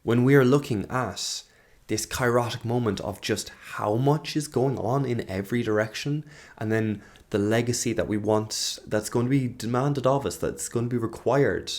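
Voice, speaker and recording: Host, thirties, male, low-pitched, reflective and searching, trails off mid-thought. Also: darkish tone. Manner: earnest, searching, trails off and restarts. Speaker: podcast host. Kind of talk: reflective monologue.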